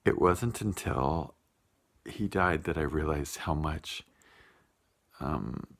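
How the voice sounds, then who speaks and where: A man telling a heartfelt personal story in a vlog, unhurried, with many pauses and fillers. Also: rumbling low. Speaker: vlogger.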